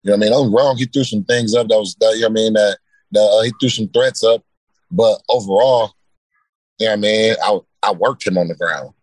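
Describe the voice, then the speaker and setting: Man, low husky voice, dry close sound, loose relaxed guest talk. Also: quick pace, no echo, low-quality recording. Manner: laid-back, repeats "you know what I mean". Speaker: guest fighter. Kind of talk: casual interview chat.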